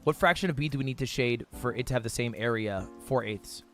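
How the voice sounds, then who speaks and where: A young man streaming himself solving math drills, reading questions aloud fast, muttering counts and shouting in frustration. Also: medium pitch, soft background music. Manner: frustrated outbursts, reads questions aloud fast, counts under his breath. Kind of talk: live-stream commentary while solving math problems.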